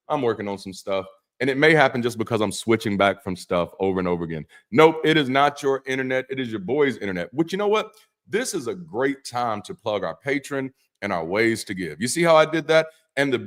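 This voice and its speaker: A man, an ex-pastor, hosting a Bible study livestream as a loose casual chat, joking and cursing, with frequent repeats and restarts. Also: medium pitch. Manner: loose, profane, joking asides; repeats words and restarts often.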